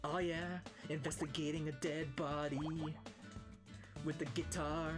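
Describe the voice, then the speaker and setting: A woman streamer giving casual game commentary, giggling and reacting excitably. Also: deep voice, unhurried, music in the background.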